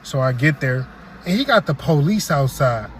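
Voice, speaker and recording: A young man from Detroit telling a comic story, deadpan, slipping into quoted voices. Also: medium pitch, moderate pace, slight background noise. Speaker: comedic storyteller. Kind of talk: comedy skit monologue.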